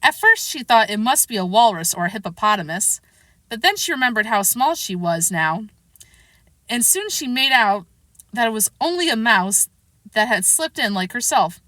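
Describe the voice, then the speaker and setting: A woman reading a children's classic aloud in a lively, expressive way. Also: on the high side, normal speed, dry recording. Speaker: storybook reader.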